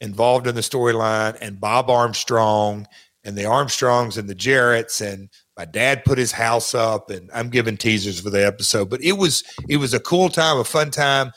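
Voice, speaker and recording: A man's voice: mid-range voice, normal speed, fairly bright tone. A man speaking as an interview guest, talking casually and rambling with many restarts. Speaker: guest recalling his wrestling career.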